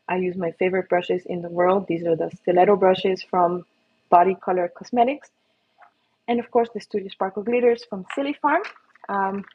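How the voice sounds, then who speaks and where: A face painter from Florida chats casually on a livestream as she works, encouraging her viewers and talking to her dog. Her voice is mid-range, and the lo-fi stream audio is slightly dull, with slight background noise.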